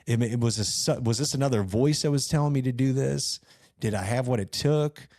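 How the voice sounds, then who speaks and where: A man's voice: medium pitch, fairly quick, darkish tone, dry recording, studio quality. Earnest rambling man telling his story. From rural northeast Missouri. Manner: earnest, rambling with many fillers and restarts. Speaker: company founder, podcast guest. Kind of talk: casual interview storytelling.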